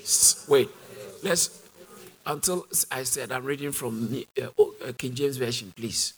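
A Bible teacher with a British accent delivers a sermon at a measured pace in a medium-pitched voice. He hammers his points home with repetition and call-and-response questions to the congregation.

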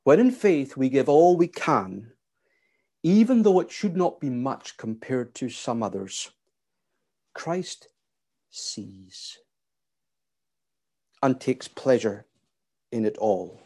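A man preaching a sermon in a measured, emphatic way. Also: medium pitch, expressive, mellow, slightly rough. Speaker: pastor.

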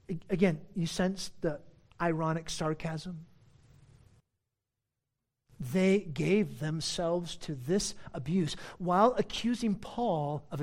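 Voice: medium pitch, a little mellow. A preacher giving a sermon, teaching in an emphatic, conversational way with frequent asides and a sarcastic edge.

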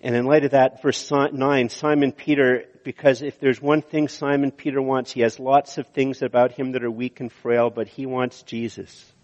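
A man preaching a sermon in earnest, slowing down to stress key words, in a church sanctuary. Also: mid-range voice, level tone, a little mellow. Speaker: pastor. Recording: dull audio with long hall reverb.

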